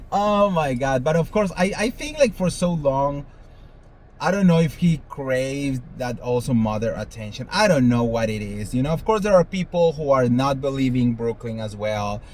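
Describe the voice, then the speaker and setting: Brief: male gossip host, animated and theatrical, swears, faint noise floor. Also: mid-range voice, moderate pace, low-quality recording. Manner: animated, sassy, swears freely, dramatic voice swings. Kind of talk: casual commentary monologue.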